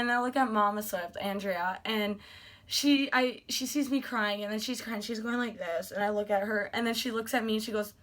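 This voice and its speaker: Bright-voiced gushing young woman vlogger. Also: mid-range voice. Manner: gushing, animated, many fillers like "like". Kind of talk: excited storytelling vlog.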